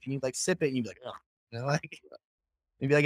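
A man co-hosting a podcast, chatting in a relaxed way, laughing often and swearing. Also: mid-range voice, quick pace, pauses often, no echo. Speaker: podcast co-host. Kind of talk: casual chat.

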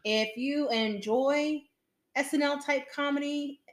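A woman's voice: sits high, slow. A woman chatting on a podcast, eagerly recommending a show. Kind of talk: casual chat. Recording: roomy echo.

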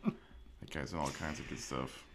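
Deep-voiced man with wry asides. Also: steady tone, unhurried, a little hiss or hum. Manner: wry, sarcastic asides, trails off quietly. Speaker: podcast co-host. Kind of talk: casual chat.

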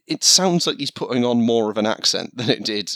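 A man, co-hosting a podcast in casual chat, halting and full of restarts. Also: medium pitch, lively intonation, a bit bright, no echo. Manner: hesitant, many restarts and laughs. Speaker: podcast co-host.

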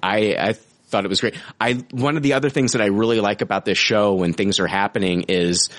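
A man's voice: on the low side, a little fast, fairly bright tone. A man co-hosting a podcast, chatting casually and enthusiastically, with frequent restarts and filler words. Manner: enthusiastic, rambling with many restarts. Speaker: podcast co-host. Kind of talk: casual review chat.

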